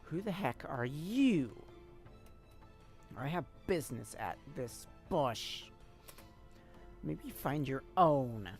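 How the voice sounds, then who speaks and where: A streamer voicing a tough, secretive troll girl from a game, speaking in a gruff, curt and irritable way. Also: medium pitch, big pitch swings, slow, long pauses, soft background music. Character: tough secretive female troll lurking in bushes.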